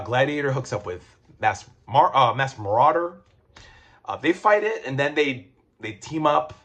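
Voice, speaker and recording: A man's voice: mid-range voice, fairly bright tone. A man reviewing comic books in a casual video, rambling with lots of fillers, restarts and swearing.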